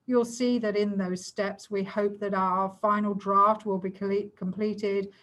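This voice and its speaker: Woman briskly presenting a plan to council. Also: medium pitch, level tone, a bit bright, rough recording. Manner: brisk, explanatory, rushed to fit the time. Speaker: community safety plan coordinator. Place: video call.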